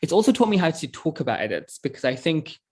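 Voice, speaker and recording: A man's voice: fairly high pitch, sing-song, fast talker, breathy edge. A man in his twenties, an author, talking earnestly in a casual interview over a video call, often laughing and restarting his sentences. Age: 20s.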